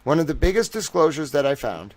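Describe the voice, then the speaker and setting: A young man hosting a livestream, ranting excitedly and profanely, swinging from shouting outrage to low muttering. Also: quick pace. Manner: profane, emphatic. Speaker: livestream host.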